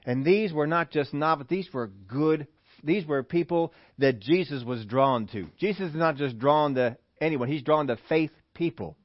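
A man preaching a sermon, animated, who acts out the voices he quotes. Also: a little high, normal speed, no room sound, muffled recording. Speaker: pastor.

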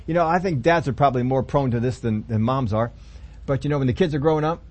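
A man preaching a sermon in a folksy, humorous storytelling manner, voicing the people in the story as he goes. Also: on the high side. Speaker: pastor.

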